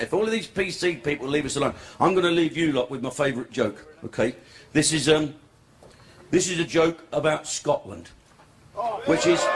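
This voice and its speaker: Older comic, profane and rambling, slightly high voice, live club audience. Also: male voice. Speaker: stand-up comedian. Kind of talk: stand-up routine. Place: comedy club stage. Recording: live club with crowd laughter.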